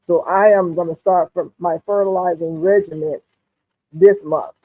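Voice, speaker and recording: A woman with a Southern US accent hosting a casual livestream chat, relaxed and talkative, often murmuring "mm-hmm" and reading comments aloud. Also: fairly low pitch, moderate pace, no echo. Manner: relaxed, chatty, frequent "mm-hmm". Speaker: livestream host. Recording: dry, phone-like narrow sound.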